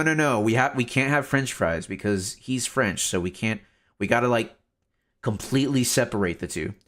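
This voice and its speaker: Slow-talking low-voiced male streamer. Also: fairly bright tone. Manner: laid-back, laughs often, reads chat aloud. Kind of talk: casual game stream chat.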